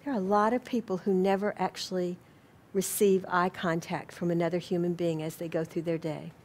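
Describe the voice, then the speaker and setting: A woman with a Southern US accent speaks to a live audience in a lecture room. Her talk on spiritual living is gentle and unhurried, and she is quick to poke fun at herself. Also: on the low side, fairly even intonation.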